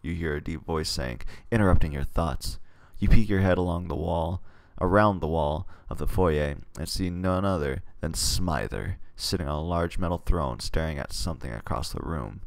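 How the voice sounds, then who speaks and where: A man with a very deep, gravelly voice reads a text adventure aloud and muses over his stats between passages. He rambles and hesitates in his asides. The desk mic sounds dry and close. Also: animated, moderate pace, few pauses, no room sound. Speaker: gamer reading a text game aloud. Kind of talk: casual let's play commentary and reading.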